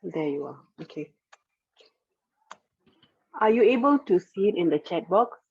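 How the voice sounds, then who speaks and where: A woman's voice: on the low side, lively intonation, a little slow, no echo. A woman presenting the word of the day at an online club meeting, carefully explaining how a word is pronounced. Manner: clear, careful explaining of pronunciation. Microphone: video call. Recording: dry, phone-like online call audio.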